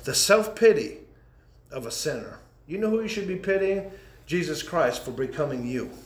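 High-voiced impassioned preacher man. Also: lively intonation, normal speed, a little hiss or hum. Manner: impassioned preaching that swings between loud and hushed. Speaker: pastor. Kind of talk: sermon. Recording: echoey room.

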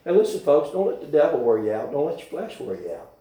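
A man preaching a folksy, rambling sermon with sudden shouted bursts in a church. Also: fairly high pitch, sing-song, fast talker. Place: church hall. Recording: very echoey church from far off.

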